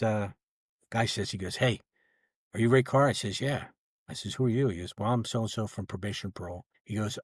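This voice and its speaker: A fairly low-pitched older man, retired from federal law enforcement, casually narrates a lengthy story at a podcast recording setup, playing each person in old dialogues. Studio-quality sound, with no room sound.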